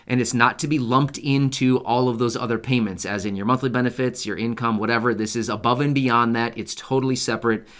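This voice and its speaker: A man in an ordinary middle register explains things to his audience in a relaxed, chatty way. He circles back and repeats the main points to make them stick. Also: mid-range voice, fairly quick, hardly any pauses. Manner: conversational, repeats key points for emphasis; speaks directly to viewers. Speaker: channel host. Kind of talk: casual explainer video.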